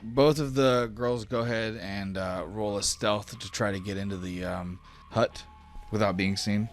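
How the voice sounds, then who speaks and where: Deep-voiced male game master. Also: fairly even intonation, a little slow, soft background music. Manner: casual, many fillers like "like". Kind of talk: narrating a tabletop game.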